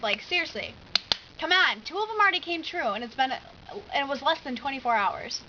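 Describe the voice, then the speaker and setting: A teenage girl telling a story in a casual vlog, chatty and animated, full of "like.". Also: high-pitched, a little fast, highs cut off, noisy background. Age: teens. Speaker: vlogger.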